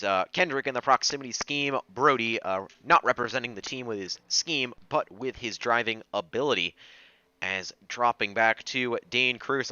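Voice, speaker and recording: A man commentating on a sim race with steady, analytical calls. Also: medium pitch, clear, resonant tone. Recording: dry, slightly dull lo-fi mic.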